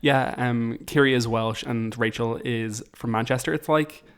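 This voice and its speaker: A man co-hosting a podcast in casual chat, chiming in with quick asides. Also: mid-range voice, fairly even intonation, smooth. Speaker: podcast co-host.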